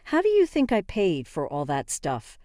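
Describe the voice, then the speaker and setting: A woman's voice: lowish voice, huge pitch swings, moderate pace, warm tone, dry recording, studio quality. A woman voicing a smug, entitled older mother-in-law who talks in a nonchalant, dismissive way in a narrated story.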